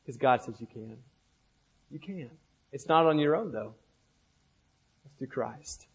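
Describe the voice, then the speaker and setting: A young man preaching a sermon with impassioned, rhythmic repetition, often dropping softly at the ends of phrases. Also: medium pitch, animated, a little slow, slightly rough, rough recording.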